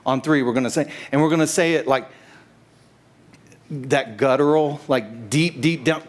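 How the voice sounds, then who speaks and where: A middle-aged man giving a casual, halting sermon and prayer in church, joking with the congregation. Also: medium pitch. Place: church sanctuary.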